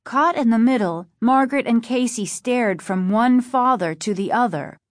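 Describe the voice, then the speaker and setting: A woman reading a spooky chapter book aloud in measured, dramatic scripted narration. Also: on the high side, no echo, clean studio sound. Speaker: audiobook narrator.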